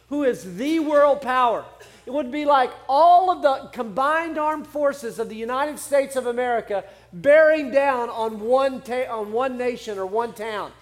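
A man preaching a sermon in a conversational, humorous way, acting out quotes from the scripture as he goes. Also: extremely high pitch. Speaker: pastor.

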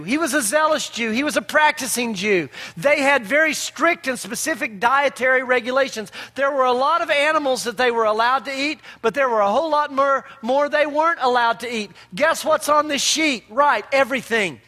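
High bright-voiced preacher in a reverberant hall. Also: male voice. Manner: conversational preaching with rhetorical questions. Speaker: pastor. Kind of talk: sermon.

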